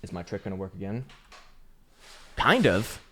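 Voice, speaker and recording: A man's voice: fairly low pitch, very animated, normal speed, sharp tone. A man hosting his channel, giving laid-back, joking and profane commentary on crypto charts. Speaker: crypto market analyst, channel host.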